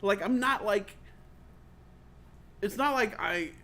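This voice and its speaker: A man hosting a talk show, telling comic stories in a casual, animated way, swearing freely and acting out voices. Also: high-pitched, slow. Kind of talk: comedic storytelling chat. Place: studio or stream set.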